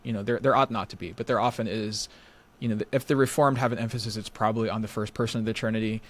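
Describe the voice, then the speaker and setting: This podcast guest's voice sits on the low side, steady in tone, and he talks fast. Discussing theology conversationally, he lays out ideas carefully while dropping in frequent "you know" fillers.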